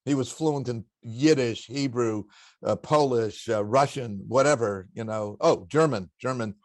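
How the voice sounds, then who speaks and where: An older man from Los Angeles, a guest telling reflective stories from his childhood with many halting restarts. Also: mid-range voice, no echo. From Los Angeles, USA. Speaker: interview guest. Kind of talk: reflective storytelling.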